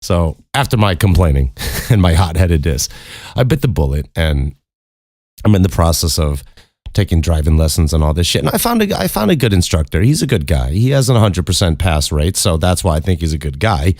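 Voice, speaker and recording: An American man with a deep, low voice talks alone on his podcast, rambling through a story, cursing freely and laughing along the way. The sound is dry and close, with no room around it. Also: very animated, a little fast, a little mellow, dry recording. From United States. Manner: profane, rambling, laughs often. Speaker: podcast host. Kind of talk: casual storytelling monologue.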